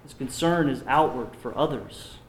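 A man's voice: mid-range voice, a little hiss or hum. Man preaching in an echoey room. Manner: slows down to read scripture aloud. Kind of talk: sermon.

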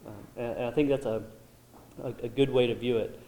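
A man's voice: mid-range voice, steady tone, a little fast, mellow. A man leading a Bible study group, thoughtful and full of ums and restarts. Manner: thoughtful, many um fillers and restarts. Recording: roomy echo.

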